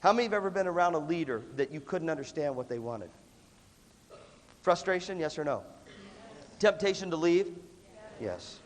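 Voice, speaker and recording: Male seminar speaker, a lively storyteller who acts out scenes, with a lot of pitch movement, recorded in a big echoing hall. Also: normal speed, pauses often. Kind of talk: lively seminar talk to a live audience. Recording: long hall reverb.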